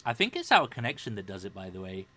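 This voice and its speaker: A man's voice: lowish voice, very animated, pushed and bright, slight background noise. Man running a tabletop game online. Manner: slow, deliberate reading of an NPC's demands. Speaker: dungeon master. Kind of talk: streamed tabletop game narration.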